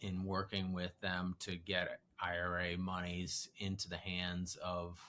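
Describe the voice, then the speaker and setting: Deep-voiced Chicago-accented man host. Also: monotone, a little slow, pushed and bright, a little hiss or hum. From Illinois. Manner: friendly, joking, easygoing questions. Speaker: podcast host. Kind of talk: podcast interview.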